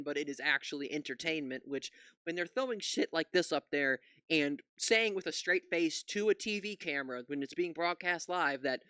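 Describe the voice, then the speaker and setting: A man talks back to a news clip in a crisp, bright voice, cursing and incredulous. The sound is close and dry, with no room around it. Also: fairly high pitch, no echo. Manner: ranting, profane, incredulous outbursts. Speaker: political commentary YouTuber. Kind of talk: reaction commentary.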